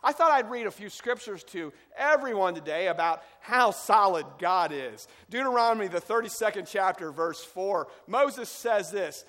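A man's voice: high voice, animated, normal speed, hardly any pauses. Emphatic male preacher in a reverberant hall. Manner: emphatic preaching that drops to quiet scripture reading. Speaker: pastor. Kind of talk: sermon.

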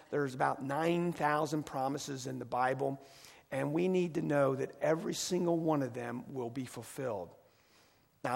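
Man preaching, gravelly, husky voice, long echo of a church hall, folksy, emphatic. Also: fairly high pitch. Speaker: pastor. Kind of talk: sermon.

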